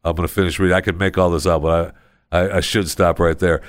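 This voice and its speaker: A man's voice: sits low, flat delivery, fast, no echo. A man hosting a podcast, bantering and reading listener reviews aloud in a wry, teasing way. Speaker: podcast host.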